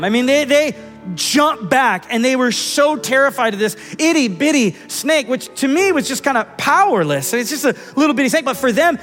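High-voiced pastor in reverberant hall. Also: male voice, a bit bright. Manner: earnest, conversational storytelling with repeated words. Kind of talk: sermon with personal story.

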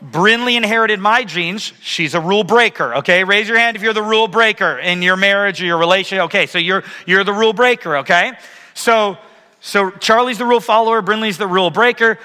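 A man in his thirties gives a sermon in a large church auditorium, his high, bright voice ringing with a long hall reverb. He tells stories with animated energy and calls on the audience to raise their hands. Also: a little fast, clear, resonant tone. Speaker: pastor.

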